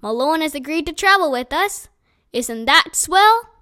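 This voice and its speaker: A woman voicing a big bearded wandering man who speaks in a gentle, courtly, playful way in a storybook reading. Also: high-pitched, animated, measured pace, pitched above the performer's own voice, exaggerated voice. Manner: courtly, playful, formal wording.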